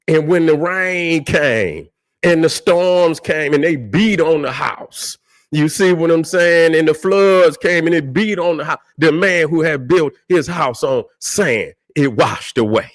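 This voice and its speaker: A man's voice: a little high, unhurried, no echo, studio quality. A man hosting a livestream, talking in a combative, profane, preaching style and repeating "you see what I'm saying". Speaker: livestream host.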